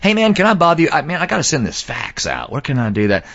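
A man putting on the voice of an excitable male rock drummer who can't believe what he hears. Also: fast, lo-fi sound, full character voice. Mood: friendly. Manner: squeaky, disbelieving, laughing outbursts.

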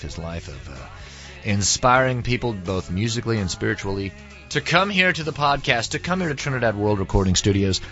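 A man's voice: on the low side, bright, forceful tone, lo-fi sound. Chatty man hosting a podcast. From Texas. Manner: chatty and rambling, many fillers. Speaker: podcast host. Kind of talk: casual podcast monologue. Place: recording studio.

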